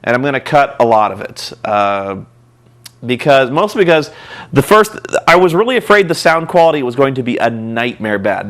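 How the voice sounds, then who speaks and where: A man's voice: mid-range voice, a bit bright. A man hosting a vlog, telling a rambling, profane, self-mocking story. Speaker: vlog host and reviewer.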